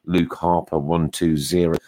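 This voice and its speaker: A man's voice: deep voice, level tone, unhurried, mellow, no echo. A man co-hosting a casual football podcast, chatty and running through league standings. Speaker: podcast co-host. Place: small studio.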